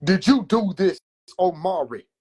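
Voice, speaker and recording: A man's voice: high-pitched, animated, a little mellow, husky, voice pushed up, heavily acted. Man putting on a pompous stern uncle. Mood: summoning. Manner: drawn-out, slow, pompous commands. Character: theatrical stern older uncle, middle-aged man. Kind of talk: comedic storytelling impression.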